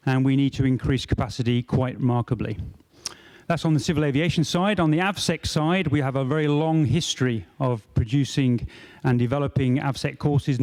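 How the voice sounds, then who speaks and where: A man in his fifties, from the UK, giving measured panel remarks with frequent hesitations and fillers. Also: medium pitch, darkish tone. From United Kingdom. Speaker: panelist, aviation academy manager.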